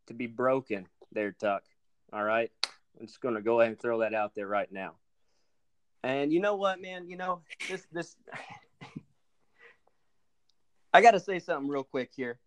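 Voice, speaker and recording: A man's voice: medium pitch, highs cut off. Blustering man doing theatrical trash talk. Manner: theatrical, stammering, building to blustery outbursts. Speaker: podcast guest. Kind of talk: mock-angry fantasy league trash talk.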